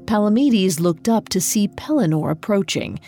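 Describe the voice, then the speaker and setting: A woman narrating a scripted storybook legend in a measured, deliberate way. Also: mid-range voice, expressive, dark tone, soft background music.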